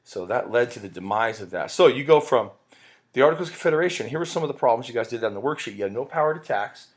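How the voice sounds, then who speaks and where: A man's voice: mid-range voice, lively intonation, fast, breathy edge. A male teacher giving a casual, rambling recorded lecture, often breaking off mid-sentence. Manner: casual, rambling, self-interrupting.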